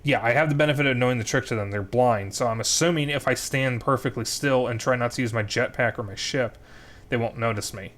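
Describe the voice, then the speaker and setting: A young adult man streams a game and comments as he plays, summarizing the story and mapping out his next moves aloud. His voice is medium-pitched, a bit bright, and brisk.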